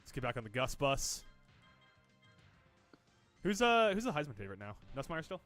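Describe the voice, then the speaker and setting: A man's voice: mid-range voice, very animated, normal speed, a bit bright, soft background music. A man co-hosting a podcast in casual chat, rambling and teasing with dry humor. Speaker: podcast co-host.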